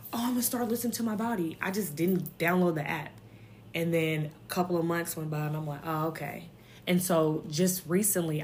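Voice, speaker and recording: A woman's voice: low voice, a little hiss or hum. A woman hosting her own podcast, talking in a rambling, candid and upbeat way, with lots of fillers and laughter. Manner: upbeat and self-encouraging. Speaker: podcast host. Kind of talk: casual solo podcast chat.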